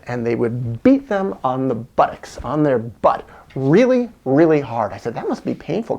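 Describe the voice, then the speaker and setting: A man's voice: on the high side, gravelly, dark tone. A man telling a personal story in an earnest, reflective monologue, repeating words for emphasis. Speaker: video essayist.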